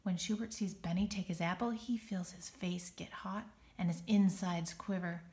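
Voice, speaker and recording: A woman reading a children's picture book aloud, expressive and dramatic on the sound words. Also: lowish voice, normal speed. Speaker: storybook reader.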